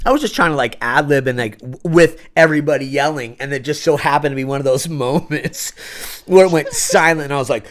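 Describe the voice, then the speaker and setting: A man's voice: a little high, brisk. A young adult man, a podcast guest, telling stories in casual chat, laughing often and acting out quotes in funny voices.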